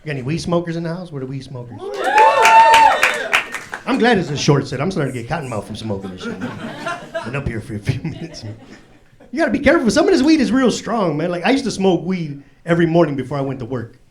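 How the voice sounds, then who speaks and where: A man works a comedy club stage, swearing freely and spinning streetwise stories in heavy slang. A loud crowd laughs all around him on the live club recording. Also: on the high side, very animated, fast talker. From Chicago, USA. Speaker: stand-up comedian. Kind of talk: stand-up comedy set. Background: audience laughing.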